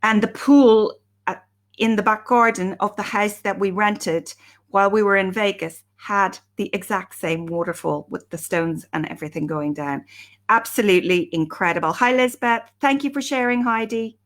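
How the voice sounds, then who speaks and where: A woman's voice: mid-range voice, moderate pace. A woman, chatting casually and upbeat on a live stream from home, greeting viewers by name as she talks. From Ireland. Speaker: self-help speaker hosting a live stream. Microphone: webcam or phone live stream.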